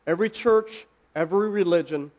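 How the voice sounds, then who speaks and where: A man preaching a casual, conversational sermon, asking his listeners questions and slowing down for emphasis. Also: sits high, darkish tone. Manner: conversational, asks the audience questions, slows for emphasis.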